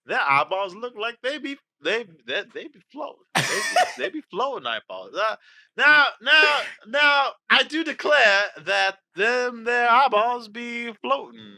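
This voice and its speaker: A man's voice: very high voice, takes it slowly, gravelly, bright, forceful tone, voice pushed up, full character voice. A man doing an impression of a blustering southern cartoon rooster, drawling and repeating himself in a podcast bit. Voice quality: drawling, stammering repetitions.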